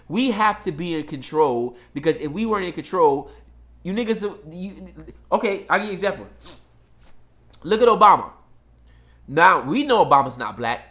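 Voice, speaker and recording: Blunt, emphatic male commentator, slightly higher voice, casual monologue. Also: expressive, moderate pace, a bit bright.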